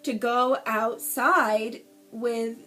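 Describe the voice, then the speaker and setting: A young woman casually telling a personal story, emphatic and swearing, acting out shouted quotes. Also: a little high, fairly even intonation, extremely slow, soft background music. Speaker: storyteller vlogger.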